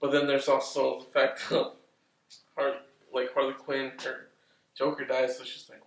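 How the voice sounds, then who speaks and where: A man casually recapping a film's plot, rambling, swearing often and getting excitable. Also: medium pitch, moderate pace. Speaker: movie reviewer. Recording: roomy, distant from the mic.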